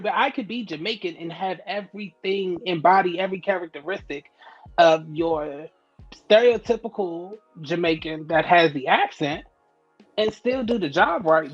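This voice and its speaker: Hombre de voz muy aguda, comentario expresivo y pícaro; grabación algo apagada con música tenue. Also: male voice, sits high, highs cut off. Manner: expressive, sassy asides. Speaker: podcast co-host. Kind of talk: casual TV recap chat.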